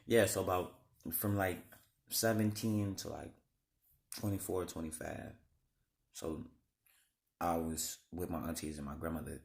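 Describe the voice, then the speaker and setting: A man in his thirties telling his life story to camera, halting and rambling with many restarts and blunt swearing. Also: a bass voice, vocal fry, a little mellow. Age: 30s. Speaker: vlogger.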